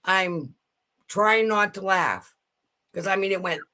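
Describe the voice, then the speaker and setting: A middle-aged woman telling a family story in casual chat, animated and laughing as she goes. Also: mid-range voice, measured pace.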